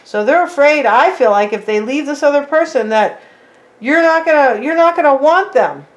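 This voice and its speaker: A woman's voice: high-pitched, lively intonation, moderate pace. A woman giving a casual tarot reading, chatting straight to her viewers and tagging her lines with "right?" and "like". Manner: talks straight to viewers as "you guys". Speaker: tarot reader.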